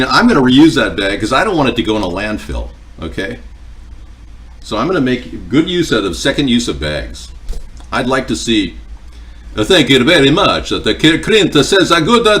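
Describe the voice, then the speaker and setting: A man's voice: mid-range voice, a bit bright, distant mic. A man hosting a cooking livestream at home, chatting casually and joking with viewers in a rambling way. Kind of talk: casual chat answering viewer comments. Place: home kitchen.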